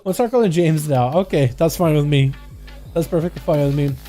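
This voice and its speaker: A man's voice: on the high side, brisk, warm tone. A young man of Russian first language, streaming a game and chatting loosely with viewers in rambling slang. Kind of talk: casual livestream chat with viewers. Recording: faint music behind.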